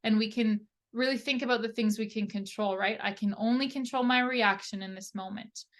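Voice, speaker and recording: A woman, an occupational therapist, presenting a lesson in a relaxed, conversational way that often checks in with the listener. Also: on the high side, brisk. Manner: relaxed, conversational, many tag questions.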